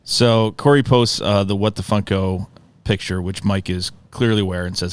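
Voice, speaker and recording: A man's voice: on the low side, fairly even intonation, normal speed, clear, resonant tone. A man co-hosting a casual podcast, wry and self-deprecating. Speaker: podcast co-host. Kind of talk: casual chat.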